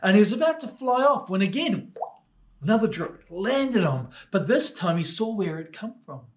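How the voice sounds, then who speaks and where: A man telling a story to children at church, swinging between lively and hushed delivery. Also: high voice, normal speed.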